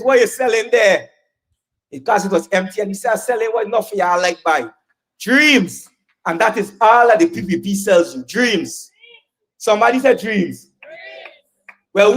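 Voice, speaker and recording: A man's voice: high voice, husky, rough recording. A man with a Guyanese accent giving a fiery campaign speech at an outdoor public meeting, rousing the crowd with call and response. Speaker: political rally speaker.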